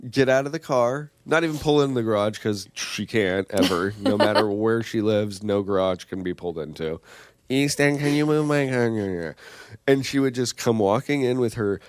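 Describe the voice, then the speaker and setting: A man's voice: fairly low pitch, normal speed, hardly any pauses, no echo. A young man co-hosting a podcast, telling loose family stories with casual swearing and acting out his relatives. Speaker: podcast co-host. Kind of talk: casual chat.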